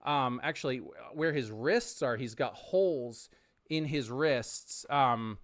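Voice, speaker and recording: A man's voice: mid-range voice, slow pace. A man narrating as game master in a hesitant way, with frequent ums and restarts.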